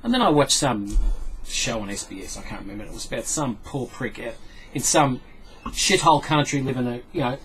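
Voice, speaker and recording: Man, fast talker, swinging pitch, stammering restarts, lots of swearing. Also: animated, fairly bright tone, a little hiss or hum. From Australia. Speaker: support group member. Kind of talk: casual group discussion.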